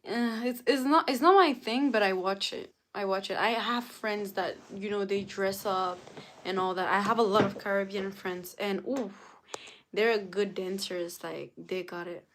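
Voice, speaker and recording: Slow-talking woman streamer chatting. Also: mid-range voice, a little hiss or hum. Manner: drawn-out, greets and reads out chat names. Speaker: live streamer. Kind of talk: casual live-stream chat with viewers.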